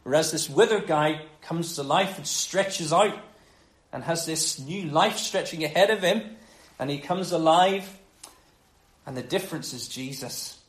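Conversational preacher in an echoey room. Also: male voice, unhurried. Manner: conversational, animated, drops low and quiet for emphasis. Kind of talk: sermon on a gospel passage.

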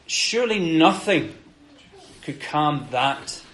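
A man delivers a sermon in a conversational, earnest manner. His voice sits a little high for a man, and he brings quoted passages to life with animated shifts. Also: takes it slowly, slight background noise, low-quality recording. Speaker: preacher.

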